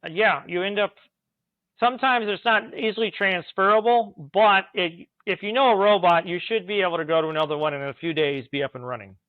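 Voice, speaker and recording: A man, an automation engineer, telling work stories in a casual interview, animated and laughing now and then. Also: sits high, a little fast, no room sound. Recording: tinny phone-like remote call line.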